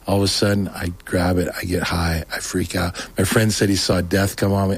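A man telling his story as a guest, rambling and animated, acting out other people's lines. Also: low voice, brisk, few pauses, slightly rough. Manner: rambling, animated storytelling, acts out quoted voices. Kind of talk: casual testimony.

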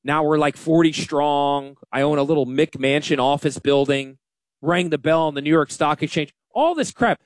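A man hosting a casual radio talk show as a financial advisor, animated and self-deprecating. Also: on the high side, normal speed, dry recording.

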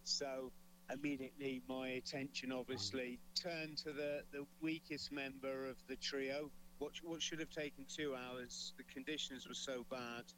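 A man's voice: mid-range voice, level tone, moderate pace, a little hiss or hum, rough recording. A man, a climber, recounting a mountain descent in a recorded interview. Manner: emphatic, enthusiastic.

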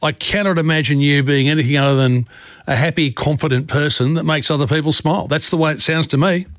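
A man's voice: a little high, a bit bright, no echo. A man hosting a talkback radio show, chatting with callers in a friendly, encouraging way. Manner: chatty, encouraging, quick to react.

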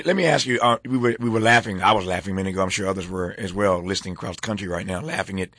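A man with a fairly low voice hosts a broadcast interview. He pauses often and fills gaps with hesitant sounds while shaping his questions. The sound is dry and close, with almost no room around it. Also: a bit bright, no room sound. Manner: hesitant, many filler sounds. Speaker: interview host.

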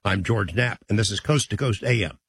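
A man's voice: lowish voice, fairly quick, slight background noise. A man hosting a late-night radio talk show, easygoing and folksy, with chatty asides, speaking into a close studio mic. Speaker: radio host.

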